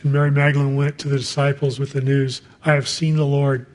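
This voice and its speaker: A man's voice: medium pitch, flat delivery, brisk, darkish tone. A man preaching a sermon in a conversational way, reading scripture and adding casual asides.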